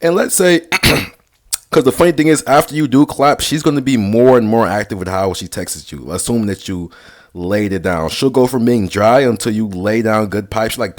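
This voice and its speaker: A man's voice: lowish voice, normal speed, a little mellow. Slangy young man giving dating advice. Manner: slangy, rambling, sarcastic delivery with basketball lingo. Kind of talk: casual vlog talk.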